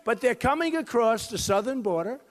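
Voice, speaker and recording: A man in his sixties giving a campaign rally speech, repeating lines for emphasis and swinging from loud outbursts to low asides. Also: lively intonation, brisk. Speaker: presidential candidate. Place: high school gym with a crowd. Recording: long hall reverb.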